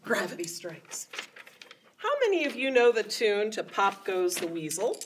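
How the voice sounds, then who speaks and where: A woman's voice: medium pitch, big pitch swings, measured pace, slight background noise. A woman children's librarian leading storytime, with sing-song rhymes and coaxing questions to young children. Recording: voice a little distant from the mic.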